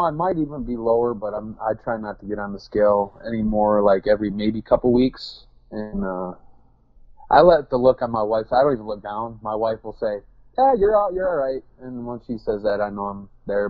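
Male guest with a low voice, rambling and self-deprecating, on a dry, dull lo-fi recording. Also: a little fast, no echo. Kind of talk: casual interview chat.

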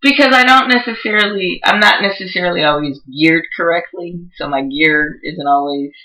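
A woman's voice: fairly low pitch, normal speed, bright, forceful tone, poor audio. A woman who is a nervous first-time podcast guest, chatting casually, hesitant and often giggling.

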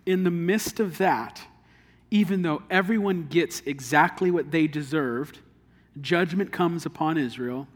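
A man's voice: on the high side, measured pace, long reverb tail. A man preaching a sermon in an earnest, conversational way, drawing on everyday illustrations. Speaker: pastor.

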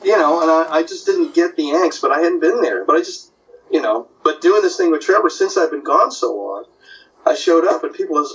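A man's voice: a little high, a little fast, recorded from a distance, highs cut off. An older man, a comic artist, telling stories in casual talk and putting on voices for the people in them. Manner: animated, puts on voices in anecdotes. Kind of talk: casual storytelling.

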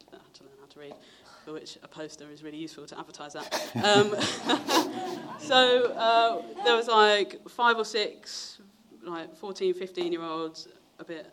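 Speaking at a moderate pace with a sharp tone, a young man gives his testimony during a sermon. His chatty storytelling includes acting out others' voices, jumping widely in pitch.

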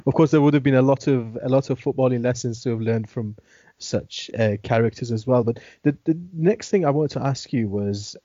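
Mellow man asking rambling questions. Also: medium pitch, brisk, no room sound. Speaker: interviewer. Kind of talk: interview questions. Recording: dull lo-fi sound.

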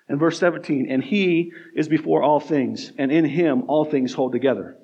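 An American man preaching from the pulpit, driving home each point with repetition and questions to his listeners. His voice sits a touch higher than most men's. The recording is slightly muffled and lo-fi. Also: moderate pace, few pauses, a little mellow, slightly rough. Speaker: pastor. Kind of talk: sermon.

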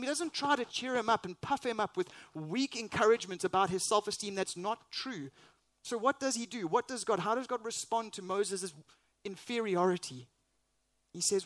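A man's voice: sits high, expressive, unhurried, a bit bright, no room sound. A man preaching a sermon as pastor, earnest and emphatic, with rhetorical questions.

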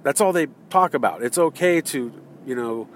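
A man's voice: mid-range voice, animated, moderate pace, slight background noise. Man ranting from his car. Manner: heated, rambling, with many fillers and restarts. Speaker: vlogger. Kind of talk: ranting political monologue. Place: in a car in traffic.

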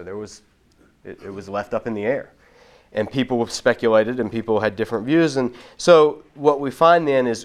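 A man teaching about the Bible in a relaxed, explanatory way, often restarting his sentences. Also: medium pitch. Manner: explanatory, with frequent restarts and repeated words. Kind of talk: casual teaching talk.

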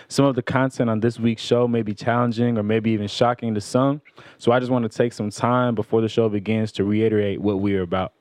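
A man's voice: on the low side, a little mellow, no echo. A young man from Texas hosting a podcast, easygoing and sincere in a casual chat. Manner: easygoing, hype banter, sincere scripted intro. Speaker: podcast host.

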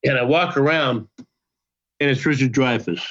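An older man in his sixties tells a story as a podcast guest, swearing freely and doubling back on his words. His pitch sits in a middle range. The audio is dull and lo-fi. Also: a little slow, a little hiss or hum. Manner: profane, animated, repeats himself. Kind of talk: casual storytelling.

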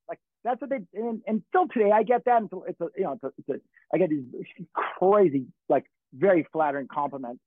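Man, middle-aged, high voice, casual rambling talk, curses a lot, phone-thin sound. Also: expressive, fast, dry recording. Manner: rambling, swearing, restarts a lot. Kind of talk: casual chat. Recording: tinny phone-like dry sound.

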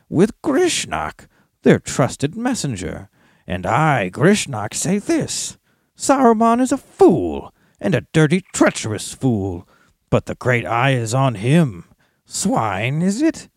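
Guy doing a sneery scheming orc, way up high and nasty, dry close sound. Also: a little mellow, no room sound, heavily acted.

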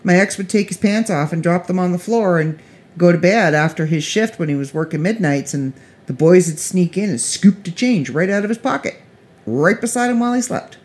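A woman's voice: lowish voice, animated, fairly quick, a little mellow. Middle-aged woman, casual vlog storyteller, chatty and rambling, restarts often.

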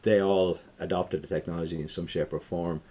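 A middle-aged Irish man, a tech entrepreneur, chatting in an interview, rambling with many restarts and trailing off quietly. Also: deep voice, steady tone, brisk, husky. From Ireland. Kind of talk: casual interview chat.

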